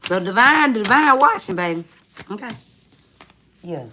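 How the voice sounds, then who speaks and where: A woman's voice: mid-range voice, expressive, measured pace, pushed and bright, slight background noise. A woman giving a tarot reading in casual, chatty talk, swearing freely and calling the viewer friend. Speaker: tarot reader.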